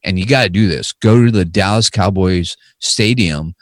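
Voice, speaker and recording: A man with a very deep voice talks loosely with his co-hosts, tripping over fillers. He has a faint lisp from fresh stitches in his mouth. The sound is dry and close. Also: moderate pace, no room sound. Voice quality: filler-heavy, rambling storytelling. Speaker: podcast co-host. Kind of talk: casual chat.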